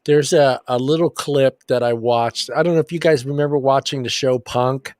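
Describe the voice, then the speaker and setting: A man's voice: mid-range voice, steady tone, moderate pace, darkish tone. Guy rambling thru a sports story on a podcast, swears a bunch, average voice, dry no-echo sound. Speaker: podcast co-host. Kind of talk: casual sports chat.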